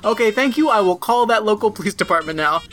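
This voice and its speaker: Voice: medium pitch, animated, fast talker, a bit bright, voice pushed up, natural voice. A podcaster voicing an adult male impostor faking to be a kidnapped teenager, in an overly formal and falsely innocent way. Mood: fake-innocent. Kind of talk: comic retelling in casual chat.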